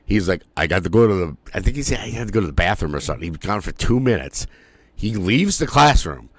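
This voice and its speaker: Low-voiced man telling rowdy stories. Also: sing-song, quick pace, dry recording. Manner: profane storytelling, mimics teachers in funny voices. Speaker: podcast co-host. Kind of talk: casual chat.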